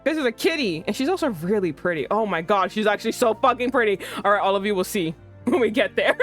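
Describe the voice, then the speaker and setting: A young woman hosting a casual livestream chat, excitable, swearing and breaking into laughing outbursts. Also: medium pitch, fast talker, soft background music. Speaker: streamer host.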